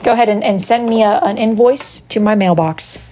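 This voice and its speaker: A woman's voice: mid-range voice, moderate pace, dark tone, slight background noise. A woman hosting a casual live stream, playfully reading out joke slogans from her crafts and teasing viewers by name. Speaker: live-stream host showing her wood-burned crafts.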